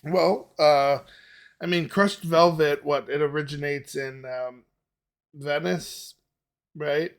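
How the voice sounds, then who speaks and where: Hosting a music reaction as music plays in the background, this man speaks slowly in a fairly high, steady voice. He thinks out loud in a casual way, laughs easily, and is full of fillers and restarts.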